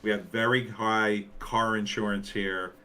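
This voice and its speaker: A man from New Jersey chatting casually, his voice bright and forceful and pitched a little low. He rambles along with plenty of fillers as he talks on a stream. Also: little pitch movement, measured pace. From New Jersey, USA. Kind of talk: casual chat.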